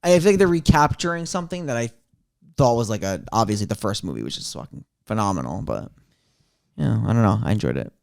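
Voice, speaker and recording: Lively teasing man on a podcast. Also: lowish voice, fast talker, vocal fry. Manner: teasing, enthusiastic, swears. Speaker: podcast co-host. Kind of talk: casual chat.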